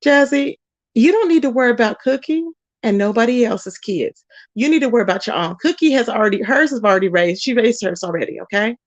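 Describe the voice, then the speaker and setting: A woman's voice: a little high, animated, fairly quick, no room sound. A woman hosting a commentary channel, ranting bluntly and scolding someone, repeating her points and drawing out words for emphasis. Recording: dull lo-fi audio.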